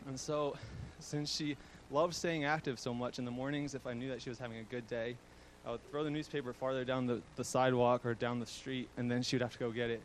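A man's voice: medium pitch, fairly even intonation, fairly quick, hardly any pauses, a little hiss or hum, low-quality recording. A young man giving a fond eulogy for his grandmother, chuckling often and using fillers. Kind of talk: eulogy speech.

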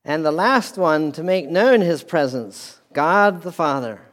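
Slow-paced preacher in a reverberant hall. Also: male voice, fairly high pitch, lively intonation, fairly bright tone. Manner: deliberate preaching with repeated phrases and restarts. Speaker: pastor. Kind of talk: sermon. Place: church hall with a speaker system.

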